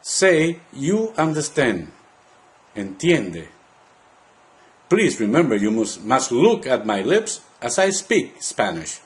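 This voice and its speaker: A man teaching a language lesson, saying words slowly and part by part for the listener to repeat. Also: mid-range voice, very animated. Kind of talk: slow, deliberate language lesson.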